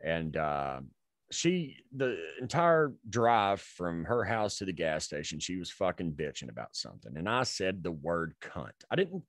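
A man's voice: sits low, very animated, measured pace, a bit bright, dry recording, clean studio sound. A man co-hosting a podcast, telling a rambling, profane story in casual chat. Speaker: podcast co-host.

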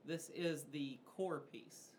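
A game master narrating a tabletop game in a relaxed, casual way, with many fillers. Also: mid-range voice, slow, a little hiss or hum.

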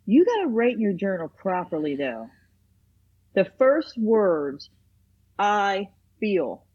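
Woman, therapist, casual chat, animated storyteller, husky, lo-fi sound. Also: medium pitch, a little slow. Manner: animated storyteller acting out quoted voices.

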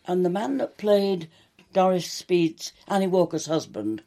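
A woman's voice: lowish voice, very animated, unhurried, mellow. An older woman, a long-serving soap actress, chatting through anecdotes in an interview and acting out quoted dialogue. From England. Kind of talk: reminiscing interview.

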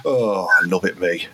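A man's voice: medium pitch, noisy background. A man hosting, bantering cheekily and narrating a mock documentary. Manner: cheeky, laddish. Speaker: host.

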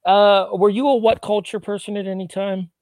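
A man's voice: high voice, little pitch movement, moderate pace, a little mellow, dry recording. A man co-hosting a podcast, giving a casual wrestling review in an analytical way and swearing freely. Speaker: podcast co-host.

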